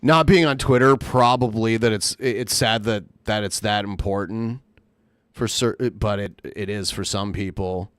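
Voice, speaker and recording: A man's voice: on the low side, moderate pace, clean tone, dry recording. A man co-hosting a podcast, chatting casually and rambling, often mimicking the people he talks about. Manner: animated, rambling, mocking imitations. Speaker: podcast co-host. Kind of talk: casual commentary chat.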